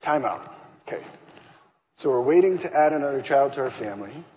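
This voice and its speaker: A man of middle pitch tells a personal testimony with lively storytelling. The sound is a bit muffled, with faint hiss beneath it. A long hall reverb trails his voice. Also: brisk. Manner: animated, acts out dialogue. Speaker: speaker giving a faith testimony.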